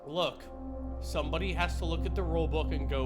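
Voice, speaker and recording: A man's voice: fairly high pitch, steady tone, fairly quick. A man from Ohio, streaming a game in casual commentary, joking, rambling and laughing often. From Ohio, USA. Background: game music.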